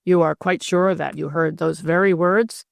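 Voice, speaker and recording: A formal male coroner , read by a woman, puts earnest questions to a witness. The voice is low and even. The sound is dry and close. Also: normal speed, creaky, dry recording. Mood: questioning.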